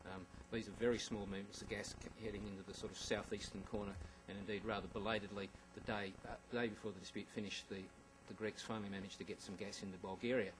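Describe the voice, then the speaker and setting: Fast-talking man giving a slide presentation. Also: on the low side, level tone, low-quality recording. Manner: wry asides, frequent ums and restarts. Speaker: conference speaker.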